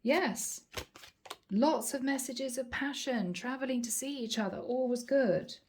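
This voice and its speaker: Mellow-voiced woman doing a tarot reading. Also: high-pitched. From Ireland. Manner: chatty, drawn-out emphatic phrasing. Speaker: tarot reader.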